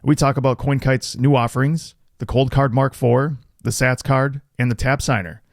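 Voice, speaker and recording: A man's voice: medium pitch, fairly even intonation, normal speed, no echo, clean studio sound. A man hosting a podcast in casual chat, joking banter. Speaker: podcast host.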